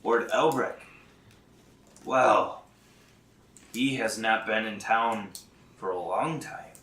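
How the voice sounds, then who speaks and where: A man slowly narrates a tabletop game in a bright, forward voice, stopping and restarting often as he thinks. He sounds set back from the mic in an echoey room. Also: fairly low pitch, far from the mic, a little hiss or hum. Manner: halting, many fillers and restarts, laughs often. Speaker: dungeon master.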